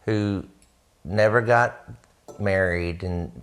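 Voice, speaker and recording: A man's voice: sits low, takes it slowly. A man hosting a casual dinner-table conversation, chatty and self-deprecating. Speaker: host.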